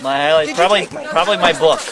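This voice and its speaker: A man chatting casually, soft-spoken and enthusiastic about his holiday. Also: a little high, quick pace, crowd noise. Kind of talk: casual chat.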